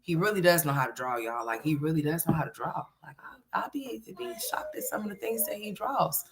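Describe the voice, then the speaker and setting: A woman's voice: low voice, lively intonation, fairly quick, a crowd in the background. A woman hosting a casual livestream, chatting with viewers and turning to talk to her son at home. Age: adult parent. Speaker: livestream host.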